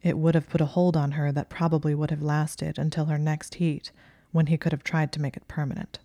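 A woman reading a story aloud in a soft, hushed, breathy way on a close microphone. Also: low voice, little pitch movement, brisk, dry recording. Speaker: audiobook narrator. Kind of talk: story narration.

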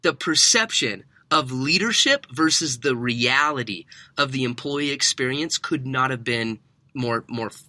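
Youngish guy in his 30s on a podcast, super bright forceful voice, dry close sound, tells stories all animated and does the voices. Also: mid-range voice, measured pace, no echo. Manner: lively storyteller who acts out quoted dialogue. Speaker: podcast guest, workplace researcher. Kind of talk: animated storytelling interview.

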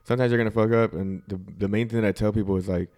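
Deep mellow dude rambling on a podcast, says like a ton, swears casually. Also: male voice, steady tone, rapid-fire. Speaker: podcast co-host.

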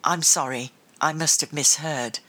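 A woman's voice: deep voice, fairly even intonation, a little slow, bright, forceful tone, exaggerated voice. A woman voicing a curious young girl who asks earnest questions.

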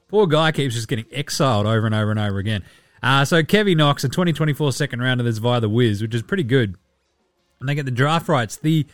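A man hosting a casual sports podcast, joking and swearing as he runs through the news and now and then slips into quick mock voices for the people he talks about. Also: mid-range voice, no room sound, clean studio sound, faint music behind. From Australia. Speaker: podcast host.

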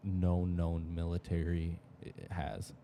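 A man's voice: deep voice, monotone, slow, warm tone, a little hiss or hum. A young man co-hosting a podcast, talking casually in a rambling way full of fillers and the odd swear word. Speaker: podcast co-host. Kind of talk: casual chat.

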